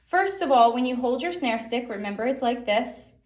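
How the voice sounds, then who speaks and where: A woman's voice: on the high side, animated, normal speed. A young woman music teacher giving an online drum lesson for children, encouraging and checking in with a frequent "okay?". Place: music room. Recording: echoey room, drum hits.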